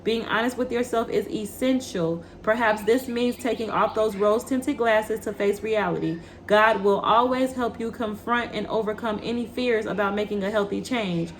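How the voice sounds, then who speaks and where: A woman's voice: medium pitch, normal speed, few pauses, slight background noise. A woman gives a spiritual tarot reading, fiery and preachy, swearing freely. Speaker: tarot reader.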